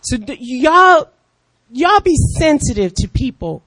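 A woman in her fifties preaching with a lively, swooping voice that rides fairly high. She acts out other people's voices and calls out in excitement. The sound is close and dry. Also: takes it slowly, no room sound. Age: 50s. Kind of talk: lively sermon.

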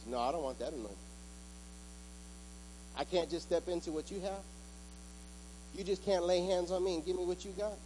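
High-voiced man preaching a sermon. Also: brisk, pauses often, slight background noise, poor audio. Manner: builds from quiet talk to loud, rising preaching. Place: church with an altar.

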